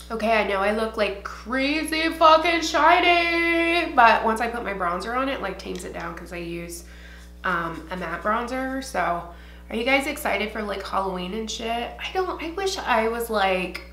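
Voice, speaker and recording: A woman's voice: mid-range voice, expressive, normal speed, a bit bright, reverberant, slight background noise. A young woman from Ohio doing a get-ready-with-me beauty vlog at home, rambling and swearing casually with lots of fillers. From Ohio, USA. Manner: chatty, profane, rambling with many fillers. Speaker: beauty vlogger. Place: home, indoors.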